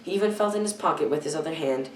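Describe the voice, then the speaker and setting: A teenage girl reading a children's novel aloud, careful and halting, often stumbling and correcting herself. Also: low voice. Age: teens. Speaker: youth reader. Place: church hall. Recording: echoey room, far from the mic.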